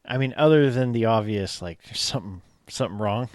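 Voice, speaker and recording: A man's voice: lowish voice, a little fast, a little mellow, no room sound, clean studio sound. A man co-hosting a podcast chats casually, reflecting and bantering with his co-host. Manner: chatty, reflective banter with laughs. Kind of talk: casual chat.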